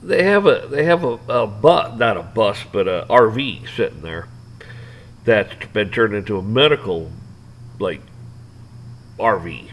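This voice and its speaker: A gravelly-voiced man ranting off the cuff. He rambles, curses freely, and keeps restarting his sentences. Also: lowish voice, very animated, measured pace, long pauses, rough recording. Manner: rambling, profane, many restarts and fillers. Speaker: vlogger ranting to camera. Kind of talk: off-the-cuff rant.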